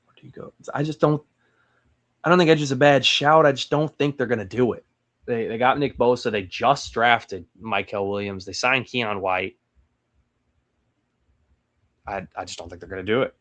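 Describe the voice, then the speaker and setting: A man's voice: medium pitch, steady tone, brisk, fairly bright tone. A young man hosting a solo mock draft breakdown, thinking aloud with hesitant restarts. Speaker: sports channel host.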